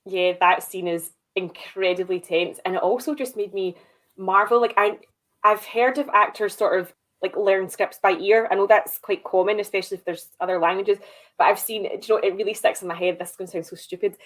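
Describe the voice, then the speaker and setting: A woman co-hosting a film podcast, chatty and animated, with lots of "like" and "you know". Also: mid-range voice, a little fast. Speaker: podcast co-host. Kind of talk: casual film discussion.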